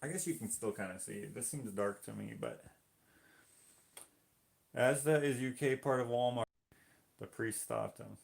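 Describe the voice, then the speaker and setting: A Canadian man hosts a live painting stream, reading viewer comments aloud and joking with them in a casual chat. His mid-range voice moves at a normal speed, has vocal fry, and pauses often.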